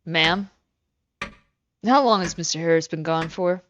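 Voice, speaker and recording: A courteous male private investigator from the city, voiced by a co-streamer, formal and patient. His voice sits at a middle pitch. A faint hiss runs under the line. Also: unhurried, a bit bright, dull audio, lightly acted. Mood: polite. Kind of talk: voicing a game character while co-streaming.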